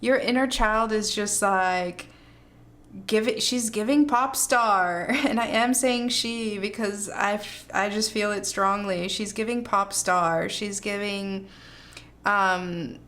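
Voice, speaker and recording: A woman's voice: medium pitch, steady tone, takes it slowly, fairly bright tone. A woman doing a pick-a-card tarot reading, gushing and hyping the viewer up with slangy, effusive talk and frequent laughs. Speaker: tarot reader.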